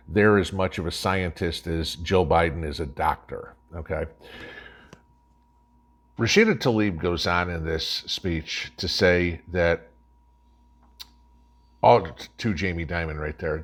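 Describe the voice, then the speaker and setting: A man with a very deep voice rants in scornful commentary. He hosts the show and keeps pressing each point with a sharp "okay?". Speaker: host. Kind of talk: opinionated commentary.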